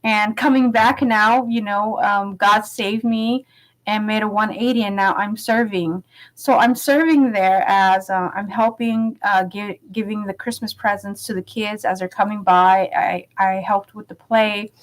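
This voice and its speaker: A woman's voice: medium pitch, steady tone, a little slow, rough recording. Chatty woman telling a personal story. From Los Angeles, United States. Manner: chatty and candid, with many fillers and frequent laughs. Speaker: vlogger.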